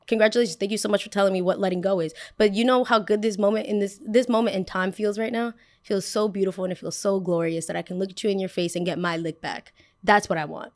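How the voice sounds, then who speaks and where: Young woman, podcast host, casual storytelling, sassy, animated, mid-range voice. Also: medium pitch, quick pace. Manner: animated, sassy, acts out both sides of a story.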